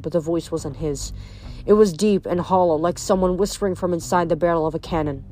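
A woman's voice: lowish voice, a little fast, dark tone, faint music behind. A young woman reading a novel aloud, then chatting casually about it with fillers. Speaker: reader.

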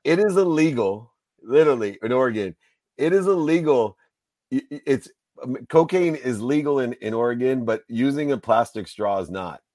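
A man's voice: mid-range voice, moderate pace, dry recording. Joking fifties man hosting a podcast. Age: 50s. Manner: animated, joking, swears freely. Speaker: podcast host. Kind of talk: casual interview chat.

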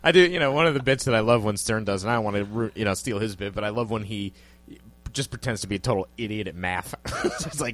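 Man, lowish voice, casual podcast co-host, laughs a lot, joking and loose. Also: fast talker, fairly bright tone.

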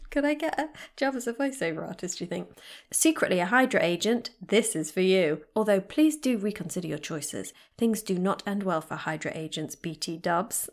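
A woman's voice: mid-range voice, lively intonation, normal speed. A woman hosting a podcast. She chats casually and reads listener reviews in an effusive, bubbly way, repeating her thanks. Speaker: podcast host.

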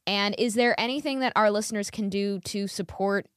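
Woman host, casual interview chat, earnest and emphatic, dry close mic, mid-pitched voice. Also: normal speed, fairly bright tone, clear, resonant tone, dry recording. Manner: earnest, emphatic, repeats phrases. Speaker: podcast host.

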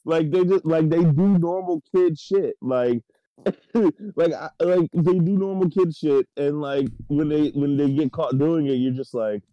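A man co-hosting a podcast in casual chat, retelling scenes in a rambling, excited way with lots of fillers. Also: fairly high pitch, a little slow, no echo, lo-fi sound. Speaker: podcast co-host.

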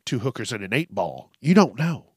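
A man's voice: medium pitch, very animated, moderate pace, slightly rough, no echo, clean studio sound. A man hosting a solo podcast, joking and cursing often as he talks through listener questions. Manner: profane, joking, laughs often. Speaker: podcast host.

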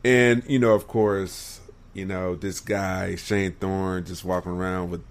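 Deep-voiced laid-back man. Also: unhurried, slight background noise. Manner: relaxed, agreeable, with short backchannels. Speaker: podcast co-host. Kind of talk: casual wrestling chat.

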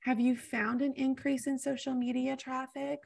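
A woman's voice: sits high, flat delivery, normal speed, gravelly, darkish tone, no echo, studio quality. A woman hosting a podcast interview, chatting enthusiastically in long, run-on thoughts. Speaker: podcast host. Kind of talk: casual interview chat.

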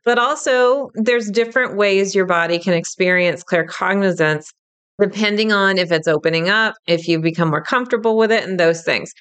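A middle-aged woman teaching about intuition in a casual, animated monologue, laughing easily and acting out quoted thoughts. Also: mid-range voice, normal speed, smooth.

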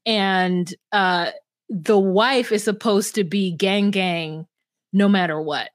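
A laid-back woman co-hosting a podcast, rambling easily through her points with plenty of fillers. Her voice has a mid pitch, and the sound is close and dry. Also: steady tone, slow, dry recording. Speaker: podcast co-host. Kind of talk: casual chat.

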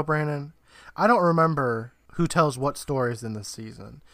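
A man's voice: fairly high pitch, fairly bright tone. A man co-hosting a podcast, recapping an episode in casual chat and laughing often. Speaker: podcast co-host.

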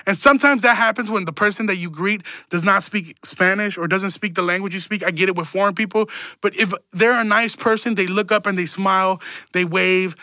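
High, bright-voiced rambling podcast guy. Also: brisk, no room sound. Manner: rambling, profane, stumbling repeats. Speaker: podcast host. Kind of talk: casual solo podcast rant.

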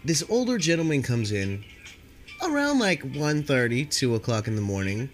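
A man's voice: medium pitch, sing-song, moderate pace, faint music behind. A man casually telling rambling stories from his night shift at a store, laid-back and swearing a lot, sniffling from allergies. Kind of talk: casual storytelling.

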